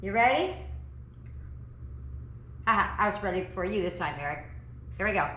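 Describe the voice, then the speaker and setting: A woman's voice: mid-range voice, lively intonation, normal speed, a bit bright, reverberant, slight background noise. A woman hosting a casual home cooking vlog from her dining table, upbeat and chatty as she gets her family to taste the meal. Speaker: cooking channel host.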